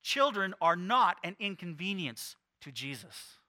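Animated, bright-voiced male pastor. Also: high voice, measured pace. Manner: animated, playful, acts out quotes. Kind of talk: sermon.

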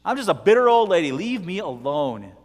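Man putting on a bitter old woman, whiny, high, swooping voice, long hall reverb. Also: big pitch swings, fairly quick. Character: bitter old woman, grumbling and self-pitying.

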